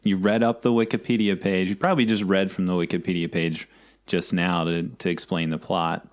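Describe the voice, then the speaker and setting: Deep-voiced male podcast co-host. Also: level tone, fairly quick. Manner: rambling, self-correcting, teasing. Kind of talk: casual chat.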